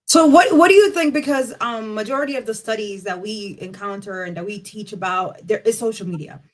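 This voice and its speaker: A woman's voice: mid-range voice, brisk. A woman co-hosting a talk show who asks questions while searching for her words, with many fillers and hedges. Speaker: podcast co-host. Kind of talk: casual discussion.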